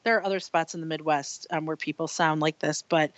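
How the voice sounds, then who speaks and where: A woman's voice: deep voice, fairly even intonation, a little fast, dry recording. Enthusiastic woman with a Chicago accent. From Chicago, United States. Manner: enthusiastic, laughs easily, emphatic. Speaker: guest. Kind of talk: conversational interview. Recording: dull remote call audio.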